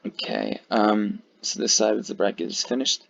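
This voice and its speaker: Tired male creator, low gravelly voice, swearing offhand commentary, lo-fi mic. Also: steady tone, moderate pace. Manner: rambling, profane, many fillers. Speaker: video creator ranking flags. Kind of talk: casual commentary. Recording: dull lo-fi mic.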